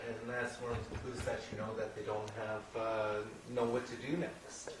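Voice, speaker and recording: A man's voice: lowish voice, little pitch movement, normal speed, over a noisy crowd. Man chiming in from a noisy, echoey room. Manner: brief agreeing interjections. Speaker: audience member. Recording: echoey room with people around.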